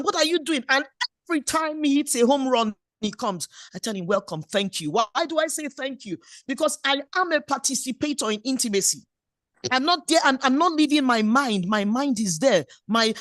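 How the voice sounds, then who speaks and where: A woman's voice: sits high, fairly bright tone, no echo, studio quality. A middle-aged woman, preaching a sermon in a playful, exhorting way. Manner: playful, exhorting preacher who acts out little scenes. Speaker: pastor.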